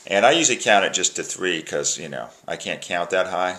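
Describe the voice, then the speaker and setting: Low-voiced man teaching a tune. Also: expressive, fairly quick, hardly any pauses, a bit bright. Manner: counts beats aloud, breaks tunes into phrases. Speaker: music teacher. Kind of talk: casual instrument lesson. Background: plucked string instrument playing.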